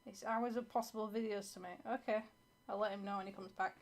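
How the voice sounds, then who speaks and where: A woman's voice: mid-range voice, fairly even intonation, quick pace. A woman co-hosting a casual live stream, chatty and giggly, reading out chat.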